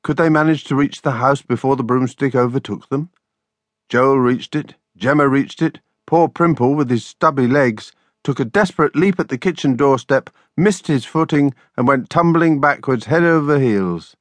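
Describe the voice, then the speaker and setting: A man narrating a children's audiobook in an expressive storytelling manner, recorded in a studio. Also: medium pitch, normal speed, no echo.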